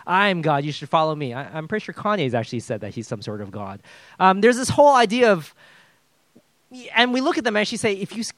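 Male pastor, conversational sermon, fairly high voice, dry close sound, dynamic delivery with jokes. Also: no room sound. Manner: casual and animated, swings between loud emphasis and hushed drops; joking asides.

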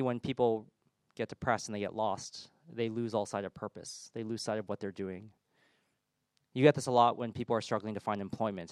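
A man preaching a sermon in church, his voice swelling loud on big points and dropping soft on gentle ones. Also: mid-range voice, no room sound, clean studio sound.

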